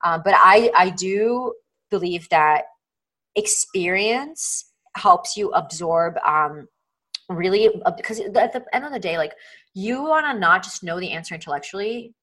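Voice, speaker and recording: Earnest woman guest, lower voice. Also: lively intonation, normal speed, pushed and bright, rough recording. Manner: earnest, many fillers, acts out inner voices. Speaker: podcast guest. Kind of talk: casual interview chat.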